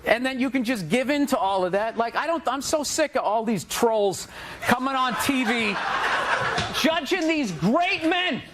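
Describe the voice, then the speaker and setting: A man's voice: very high voice, animated, unhurried. A male comedian riffing as a talk show guest, ranting sarcastically with heavy emphasis. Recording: noisy recording with loud hiss.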